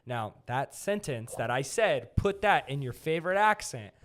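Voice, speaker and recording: A young man hosting a podcast, chatting casually and telling a story with animated energy. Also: medium pitch, normal speed. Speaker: podcast host.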